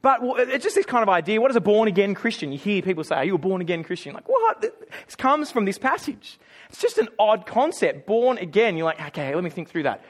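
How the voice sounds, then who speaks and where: High-voiced man preaching conversationally. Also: sing-song, a little fast. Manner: conversational, self-deprecating humor. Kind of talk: sermon.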